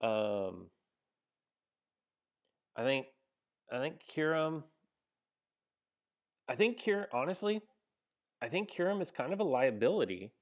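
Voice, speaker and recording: Guy streaming a card game, thinking out loud, lots of ums and likes, chatting with viewers as he plays. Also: medium pitch, sing-song, takes it slowly, long pauses. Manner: hesitant, thinks aloud with many ums and likes; chats with viewers between moves. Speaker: gaming streamer. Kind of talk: casual live-stream game commentary.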